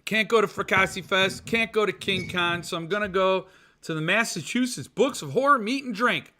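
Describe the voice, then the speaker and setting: A man's voice: sits high, moderate pace, bright, forceful tone. A man hosting a casual podcast, rambling and joking as he reads viewer comments and rants. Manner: rambling, jokey, goofs around with mock voices. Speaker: podcast host. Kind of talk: ranting casual chat reading viewer comments.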